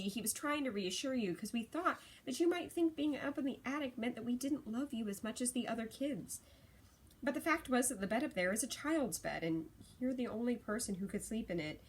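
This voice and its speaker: A woman's voice: a little high, husky. A woman voicing a prim, loving elderly great-aunt who scolds and comforts by turns. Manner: prim, scolding then tender.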